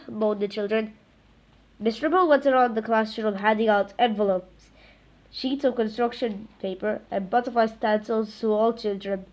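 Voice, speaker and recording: A woman reading a children's book aloud, halting often with stumbles and self-corrections. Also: mid-range voice, level tone. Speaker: reader.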